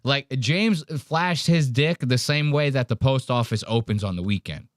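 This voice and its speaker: A man's voice: medium pitch, normal speed, no room sound. Male podcast host, rambling crude comic riffs, dry close sound. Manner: rambling, profane, jokey riffing. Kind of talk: crude comedic commentary on clips.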